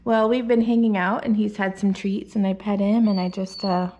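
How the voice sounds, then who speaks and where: A woman dog groomer talking casually as she works in her grooming salon, rambling with fillers and slipping into a soft sing-song voice to coax the dog. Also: mid-range voice, level tone, normal speed, muffled recording, a little hiss or hum. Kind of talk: casual narration while working.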